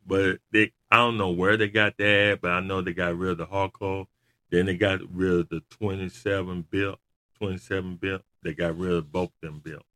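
A man chatting casually in loose grammar, rambling and laughing often as he tells animated stories. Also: low-pitched, normal speed. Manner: animated storyteller. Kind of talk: casual chat watching wrestling.

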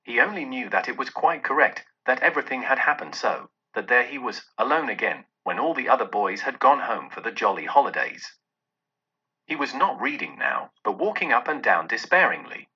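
Husky-voiced male storyteller, bright and lively. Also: moderate pace. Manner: dramatic, with many shifts in pitch and loudness. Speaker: audiobook narrator. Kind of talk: expressive storybook narration. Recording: dull lo-fi recording.

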